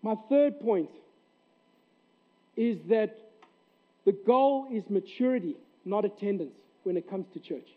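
Male pastor, high voice, emphatic sermon delivery, tinny lo-fi recording. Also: animated, slow pace, pauses often. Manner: earnest, emphatic preaching with repeated phrases. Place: church sanctuary. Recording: tinny narrow-band recording.

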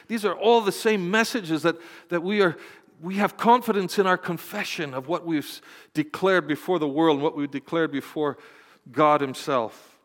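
A male pastor delivers a passionate sermon in a slightly higher voice than most men. His words ring out with a long, lingering church reverb. He builds to loud, fervent calls and then drops to soft, tender storytelling. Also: moderate pace. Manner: impassioned preaching, rising to loud exhortation and dropping to soft storytelling. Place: church sanctuary.

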